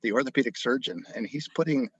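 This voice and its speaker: A man, an osteopathic family physician, telling an animated story in an interview, full of restarts. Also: mid-range voice, fast talker, highs cut off, a little hiss or hum. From grew up in Japan.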